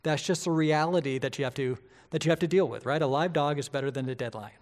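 A middle-aged man, a pastor, preaching a sermon in a lively, conversational way, often asking the congregation rhetorical questions. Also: a little high, fast talker.

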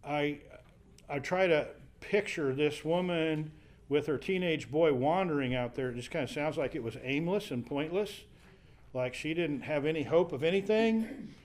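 A man's voice: a little high, normal speed. A man teaching a Bible study class, explaining scripture conversationally while thinking aloud. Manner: thinking aloud with fillers and restarts, paraphrasing scripture.

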